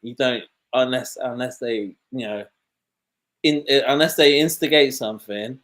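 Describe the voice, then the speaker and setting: A man's voice: mid-range voice, normal speed, a bit bright. A man with a London accent, talking in a casual conversation, blunt and rambling, with many false starts. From London, England.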